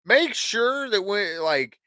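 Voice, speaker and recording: A man's voice: high voice, lively intonation, takes it slowly, sharp tone, no room sound. A man hosting a casual podcast livestream, rambling and swearing freely as he acts out conversations. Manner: profane, rambling, acts out dialogue. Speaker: podcast host.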